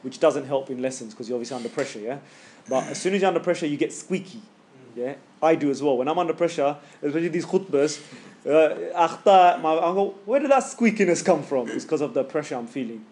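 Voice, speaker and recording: A man's voice: fairly high pitch, fast talker, a little mellow. Chatty man coaching recitation. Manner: casual, chatty, demonstrating recitation sounds. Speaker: Quran recitation teacher. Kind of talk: live tajweed class coaching.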